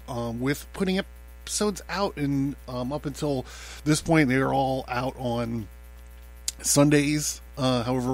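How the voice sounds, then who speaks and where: Male podcast host, mid-pitched, rambling and profane, filler-heavy, with faint music underneath. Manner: loose and profane, many fillers and laughs. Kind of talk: casual rambling monologue.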